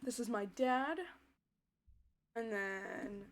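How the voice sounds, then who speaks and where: Slow-talking, giggly woman streamer. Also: a little high. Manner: chatty, giggly, answering chat. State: voice tiring. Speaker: VTuber streamer. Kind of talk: casual live-stream chat while playing a game.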